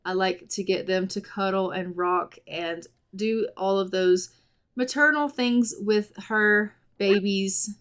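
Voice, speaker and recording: A woman's voice: medium pitch, slow, smooth. A woman giving casual, chatty let's play commentary on a life-sim game, doting on the characters. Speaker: gaming channel host.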